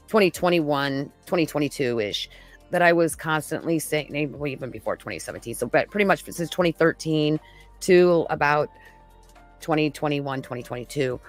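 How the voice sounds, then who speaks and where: A woman's voice: low-pitched, dry recording. A middle-aged woman, a mother, talking openly and chattily in casual podcast conversation. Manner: candid, chatty storytelling.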